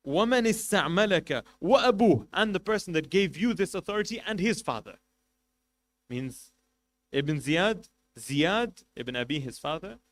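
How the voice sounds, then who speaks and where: Impassioned preacher, man with raised pitch. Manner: impassioned storytelling, swinging between loud emphasis and quiet asides; recites Arabic passages rapidly, then translates. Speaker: sheikh preaching at a mourning gathering. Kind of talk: sermon.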